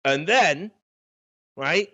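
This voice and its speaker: Speaking very slowly, this film review podcast host has a slightly high, sharp voice with animated delivery. His casual, comedic review wanders through the story with plenty of profanity, captured in dull, lo-fi sound.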